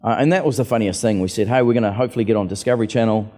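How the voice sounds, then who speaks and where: Chatty New man, warm low voice. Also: rapid-fire. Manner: chatty, acts out quoted voices. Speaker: author and aviator, festival guest. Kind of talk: casual storytelling on stage. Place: festival venue hall. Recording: reverberant hall.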